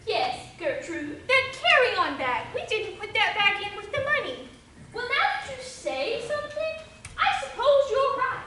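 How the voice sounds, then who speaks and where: A woman's voice: extremely high pitch, noisy background, exaggerated voice. A woman playing a sweet, dotty elderly lady with prim, old-fashioned manners in an amateur stage play, heard from far off in an echoey hall.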